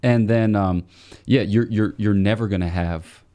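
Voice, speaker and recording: A man's voice: fairly low pitch, unhurried, dark tone. A man from the eastern United States, a priest, explaining ideas thoughtfully in a casual podcast conversation. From United States, between Washington DC and Boston. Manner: thoughtful, explanatory, many fillers and restarts.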